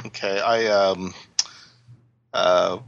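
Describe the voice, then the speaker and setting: Slow, deep, gravelly male player. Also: steady tone, no echo. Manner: hesitant, deliberate. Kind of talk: describing actions in a tabletop game. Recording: dull lo-fi sound.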